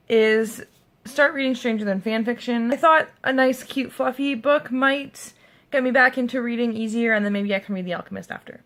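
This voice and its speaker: Brief: woman vlogger, casual giggly chat, slightly high voice, clear background music. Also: moderate pace. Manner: chatty, giggly, self-deprecating.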